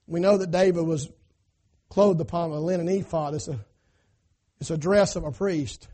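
A male pastor preaching a sermon, retelling scripture in folksy everyday words and swinging from loud to hushed. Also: a little high, normal speed.

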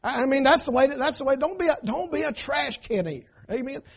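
A man preaching a sermon in church, emphatic and swinging between loud cries and hushed asides, calling on the congregation to answer. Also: extremely high pitch, lively intonation, fast, gravelly. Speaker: pastor.

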